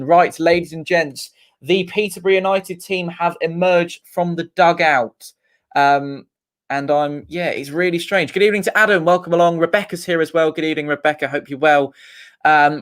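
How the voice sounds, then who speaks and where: A man hosting a casual fan watch-along livestream, chatting with viewers, greeting them and reading their comments aloud. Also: fairly high pitch. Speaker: livestream host.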